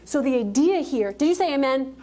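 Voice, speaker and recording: A woman's voice: high voice, expressive, fairly quick, dark tone. A woman giving a motivational keynote speech on stage, talking emphatically and directly to a live audience. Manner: emphatic, direct, calls out to the crowd.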